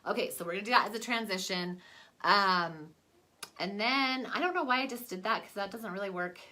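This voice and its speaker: A woman's voice: mid-range voice, brisk, sharp tone, slight background noise. A young adult woman chatting casually in a makeup vlog at home, rambling with lots of fillers. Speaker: vlogger. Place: at home, away from her desk.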